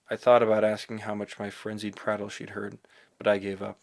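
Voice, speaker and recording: Guy reading an audiobook, low flat gravelly voice, rambly first-person monologue. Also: brisk. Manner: rambling, excitable inner monologue. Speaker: audiobook narrator. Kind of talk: first-person novel narration.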